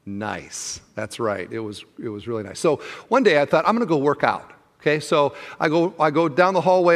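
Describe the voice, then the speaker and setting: A man preaching a sermon as pastor, telling a story with lively acted-out exchanges before an earnest appeal to fathers. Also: on the high side, long reverb tail. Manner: animated storyteller who acts out the people in the story. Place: large church auditorium.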